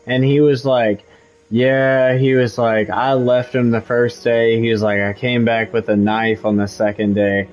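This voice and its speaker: A man's voice: medium pitch, level tone, measured pace, dull audio. Profane heated storyteller, man from Missouri. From Missouri, USA. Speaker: game streamer. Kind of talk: casual chat while gaming. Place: home.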